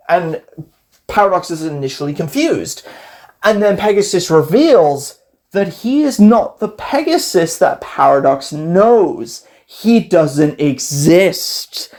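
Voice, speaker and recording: This is a casual, rambling commentary voice, animated and easily amused, that acts out scenes from a card game story with quick quoted voices. The pitch sits in a middle range.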